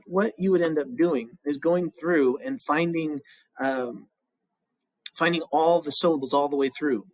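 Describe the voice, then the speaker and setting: Male teacher, higher voice, dry close sound, casual step-by-step tutorial delivery. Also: no room sound, poor audio. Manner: methodical, counts syllables aloud step by step; casual, fills with um and restarts. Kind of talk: recorded classroom tutorial.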